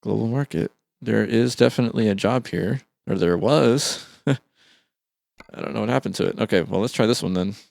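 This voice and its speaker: A man's voice: on the low side, normal speed, vocal fry, darkish tone, dry recording. A man hosting a let's play, chatting casually and thinking aloud with an easygoing, chuckling manner. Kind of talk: casual gameplay commentary.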